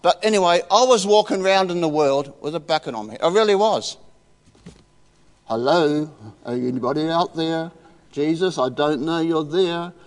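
A man, giving a heartfelt, emotional personal testimony as a preacher in a church. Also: fairly high pitch. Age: 60s. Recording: reverberant church hall.

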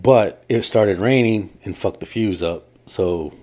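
Low-voiced rambling male podcast storyteller. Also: measured pace, darkish tone. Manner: rambling storyteller, quotes people in his own voice. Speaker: podcast co-host. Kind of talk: casual chat.

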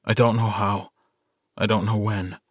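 A male narrator voicing a steady, earnest young werewolf alpha who talks in a calm, quietly firm way. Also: fairly low pitch, unhurried, husky, no echo, clean studio sound.

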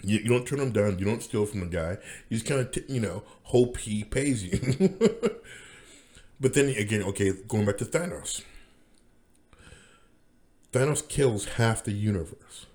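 A man's voice: on the low side, lively intonation, measured pace, long pauses, a little mellow. A man rambling through a casual monologue as podcast host, with many restarts and fillers.

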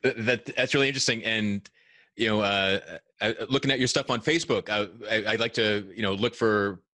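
Bright, halting male interviewer. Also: lowish voice, no room sound. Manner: halting, many restarts and fillers while framing questions. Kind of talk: conversational interview questions. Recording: dry, close sound.

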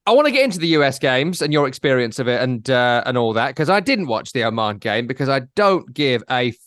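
A man's voice: medium pitch, very animated, a little fast, fairly bright tone, no room sound. A man hosting a podcast, rambling and teasing his co-host in casual chat.

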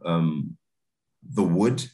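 A man, a film director, chatting in a relaxed interview, laid-back with many restarts and fillers. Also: low-pitched, drawn-out words.

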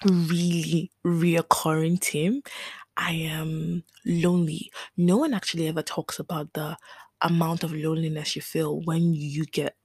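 A woman's voice: on the low side, breathy edge, no echo. A woman in her twenties hosting a podcast, talking candidly and emotionally about a hard year, with frequent restarts. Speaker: podcast host. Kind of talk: reflective personal talk.

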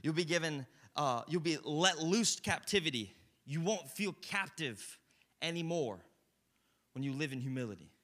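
A young man preaching a sermon in a conversational, animated way, swinging between loud bursts and hushed moments. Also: a little high, moderate pace.

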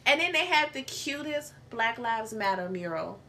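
A woman's voice: fairly high pitch, animated, moderate pace, sharp tone. A woman guest in a casual chat, telling a story with giggles.

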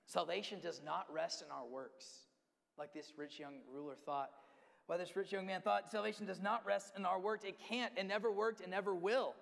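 A man's voice: high voice, moderate pace, vocal fry, fairly bright tone. A man preaching a sermon, emphatic, acting out quotes and repeating key words. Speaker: pastor. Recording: long hall reverb.

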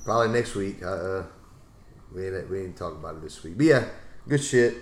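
A man's voice: low-pitched, expressive, brisk, roomy sound. A man hosting a casual sports podcast, laid-back and teasing, swearing freely as he ribs his co-hosts. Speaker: podcast host.

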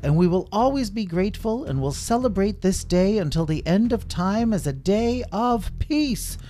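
A man's voice: sits high, animated, warm tone, a little hiss or hum, voice pushed up. A man voicing a stately male king who gives a formal, ceremonious speech. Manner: slow, ceremonious speech-making.

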